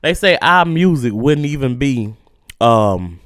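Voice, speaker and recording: A man's voice: mid-range voice, animated, slow pace, a bit bright, no echo, studio quality. A man hosting a solo podcast, ranting casually and profanely with heated energy while his mouth burns from spicy food. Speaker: podcast host.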